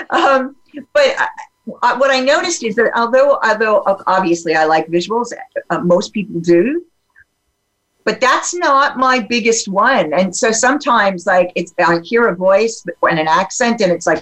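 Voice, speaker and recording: A woman talking openly in a casual podcast conversation, animated and full of fillers and restarts. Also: medium pitch, unhurried, low-quality recording.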